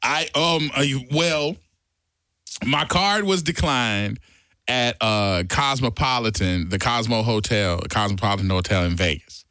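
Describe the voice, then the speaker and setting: A man in a radio studio, telling a story in casual chat and acting out quotes with loud bursts. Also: medium pitch, unhurried, no echo. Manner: animated storyteller, acts out quotes loudly. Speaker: radio DJ guest.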